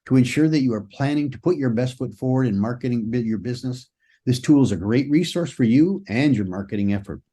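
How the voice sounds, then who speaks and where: A man's voice: medium pitch, animated, brisk, dark tone, dry recording. Man, business podcast co-host, explaining, occasional stumbles, dry sound. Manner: explanatory, reads examples aloud with small slips. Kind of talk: casual podcast chat.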